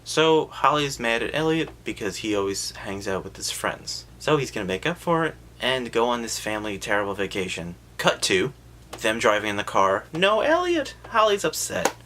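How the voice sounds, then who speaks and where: A man giving a sarcastic, profane comedic recap of a film, jumping into quick voices for the characters. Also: lowish voice, sharp tone, slight background noise.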